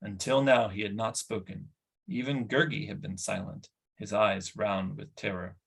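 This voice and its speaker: A man reading a fantasy novel aloud in an even, steady way. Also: fairly low pitch, normal speed, vocal fry, breathy edge. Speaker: audiobook reader.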